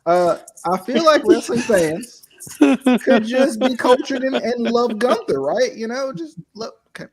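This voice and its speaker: A man's voice: very high-pitched, expressive, a little slow, crowd noise. A man hosting a casual wrestling podcast over an online call, laid-back and full of fillers. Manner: laid-back, filler-heavy, laughs easily. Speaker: podcast host running the picks. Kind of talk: casual chat.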